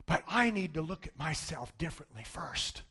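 A man preaching a sermon as pastor, acting out the voices of doubting people, swinging from shouts to near whispers. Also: fairly high pitch, animated, normal speed, gravelly, husky. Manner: dramatic, swings from shouting to hushed, acts out voices of congregants.

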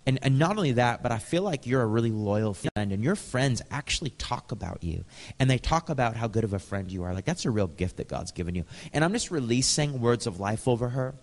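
American male preacher, easygoing storyteller who chuckles a lot, mid-pitched, big reverberant hall. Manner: conversational, chuckles often, acts out dialogue. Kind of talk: storytelling sermon.

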